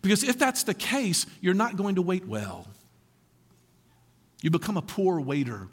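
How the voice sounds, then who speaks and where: High, animated man preaching a sermon. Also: unhurried, breathy edge, in a large hall. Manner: animated, conversational preaching with rhetorical questions. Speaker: pastor.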